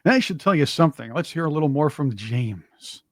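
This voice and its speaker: A man with a somewhat high voice co-hosting a casual political talk show. He speaks emphatically and mockingly, often stumbling over repeated words. The recording is very dry and close. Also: lively intonation, brisk, no echo. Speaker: co-host.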